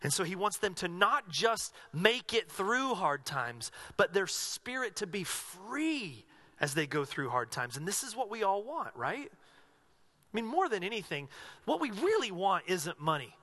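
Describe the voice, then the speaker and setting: A male pastor preaching a sermon, earnestly asking his congregation question after question and dropping to a hushed voice when he voices a prayer. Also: high-pitched, very animated, a little slow.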